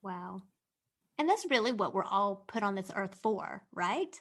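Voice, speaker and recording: A woman hosting an interview podcast, bubbly and quick to laugh, with a slight country twang. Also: mid-range voice, animated, a bit bright. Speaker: podcast host.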